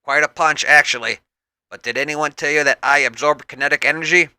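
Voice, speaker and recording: A brawny, boastful strongman, as a man puts him on, taunting and loud. His voice runs a little high and bright. The recording is close and dry. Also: steady tone, a little fast, smooth, dry recording. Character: big boastful strongman, grows madder as he fights.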